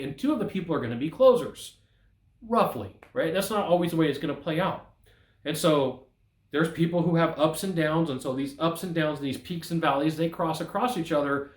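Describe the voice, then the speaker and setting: A man with a fairly high voice talks casually about sales straight to the camera. He stays animated and jumps into quoted lines from bosses. The sound is roomy and echoey. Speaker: sales consultant. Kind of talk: casual direct-to-camera vlog talk. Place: outdoors.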